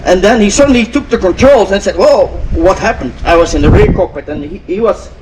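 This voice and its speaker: An older man from Europe telling an audience a story, animated and acting out the dialogue, with repeated phrases. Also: sits high, quick pace. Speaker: inspirational speaker. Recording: distant mic with faint vehicle noise.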